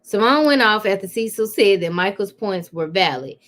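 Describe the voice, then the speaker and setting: A woman's voice: medium pitch, expressive, normal speed, fairly bright tone. A woman hosting a live celebrity gossip stream, chatting casually and calling her viewers y'all, with plenty of fillers.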